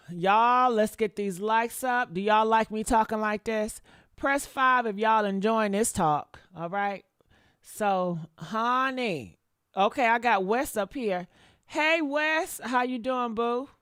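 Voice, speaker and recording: A woman's voice: a little high, lively intonation, slow pace, fairly bright tone, smooth, no room sound, studio quality. A woman giving blunt, profane, sassy commentary on a livestream, calling her listeners honey. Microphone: desktop mic.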